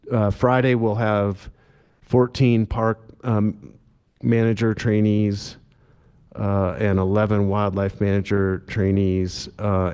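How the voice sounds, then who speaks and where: Deep flat-voiced man giving meeting remarks. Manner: halting, many fillers and restarts; self-described monotone delivery. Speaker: agency director at a commission meeting. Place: meeting room.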